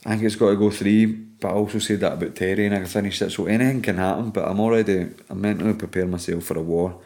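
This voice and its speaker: A man's voice: on the low side, fairly even intonation, fast, darkish tone. A Scottish man, an MMA fighter guesting on a podcast, chatting casually, swearing freely and laughing through his stories.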